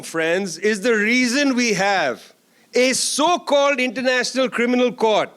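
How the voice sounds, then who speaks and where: A man's voice: very high voice, a bit bright. A man giving a closing keynote at a conference, speaking emphatically with sarcastic asides and repeated lines. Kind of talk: political speech. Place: conference hall.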